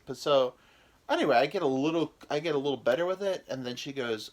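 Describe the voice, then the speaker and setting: A man's voice: medium pitch, very animated, brisk. A young American man, a podcast host, telling a rambling, profane, self-mocking story in a casual comedic way. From United States.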